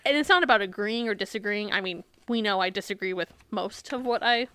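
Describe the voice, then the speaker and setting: A woman's voice: mid-range voice, brisk, fairly bright tone, clear, resonant tone, dry recording. A woman co-hosting a podcast in casual chat, sarcastic and swearing often as she retells a book. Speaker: podcast co-host.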